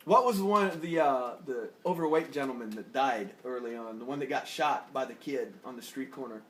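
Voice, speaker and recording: A man's voice: mid-range voice, a little fast. A man co-hosting a casual TV review chat, rambling and joking in a laid-back way. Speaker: podcast co-host. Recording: echoey room with faint noise.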